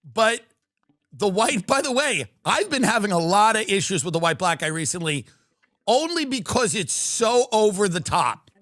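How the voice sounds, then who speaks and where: A man's voice: sits high, moderate pace, no echo, clean studio sound. A middle-aged man from New York, telling rambling, jokey stories on a live stream. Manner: rambling, animated, jokey rants with quoted impressions. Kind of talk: casual live-stream storytelling.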